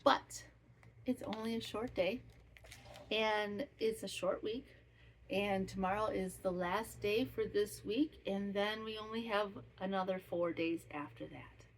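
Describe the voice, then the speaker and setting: A woman podcaster talks at an easy middle pitch in a casual, unscripted way. Her sentences wander and pile up with "and then". Her tone stays sincere and sentimental. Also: unhurried, slight background noise. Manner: rambling, heartfelt and sentimental. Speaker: podcast host. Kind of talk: casual chat.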